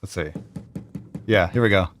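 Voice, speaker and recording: A man's voice: sits low, normal speed, over music. A man hosting a casual livestream, hyped and rambling, who swears casually. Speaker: host.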